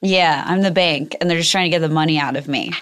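A woman on a casual podcast who tells her stories in a playful, deadpan way. Her voice sits a little low, and she talks easily and freely. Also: fast talker. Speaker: guest.

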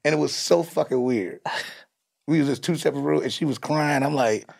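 A man co-hosting a casual comedy chat, telling stories in an animated way, breaking into laughter and mimicking people. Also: fairly high pitch, brisk, creaky. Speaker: co-host.

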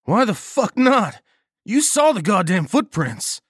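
A foul-mouthed, joking young male soldier, as a male narrator puts him on in a horror audiobook. He shouts in a pitched-up, strained voice, loud and full of swearing. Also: unhurried, dry recording, studio quality. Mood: angry.

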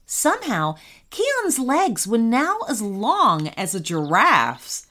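A woman narrating a children's story in an animated storytelling manner. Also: a little high, slow pace.

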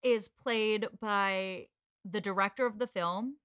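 An American woman with a bright, forward voice, recorded dry and close. She trades opinions and quick hot takes in casual podcast chat. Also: mid-range voice, clean tone, no room sound.

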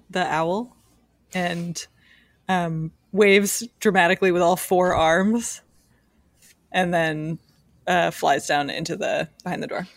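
Female player, hesitant with fillers, lower voice, dry. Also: no room sound. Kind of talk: playing a tabletop game.

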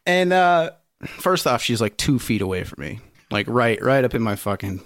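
A podcast co-host tells a rambling, profane story in casual chat, laughing frequently. His mid-range, slightly bright voice is very animated at a moderate pace, captured in a dry, clean studio recording.

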